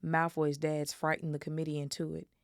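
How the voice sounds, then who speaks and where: A woman's voice: low-pitched, little pitch movement, brisk, no echo, studio quality. A woman voicing a studious, tearful teenage girl while reading a novel aloud. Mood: upset.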